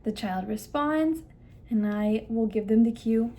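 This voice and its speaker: A woman's voice: fairly high pitch, expressive, measured pace, dark tone. A young woman speech therapist walking parents through a listening game step by step, stressing key words. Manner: explains step by step, models exaggerated emphasis on key words. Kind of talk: instructional demonstration.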